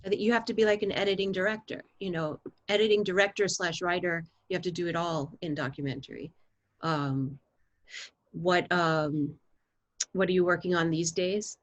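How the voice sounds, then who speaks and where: A woman's voice: lowish voice, steady tone, moderate pace, muffled recording. A woman interviewing a filmmaker, asking friendly, curious questions in casual conversation.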